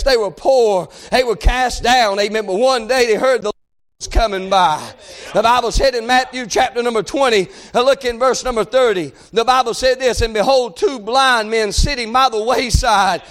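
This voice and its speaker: Male preacher, very high voice, fervent sermon delivery that swells into shouts, peppered with amens. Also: normal speed. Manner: calls out "amen" and "hey" between phrases.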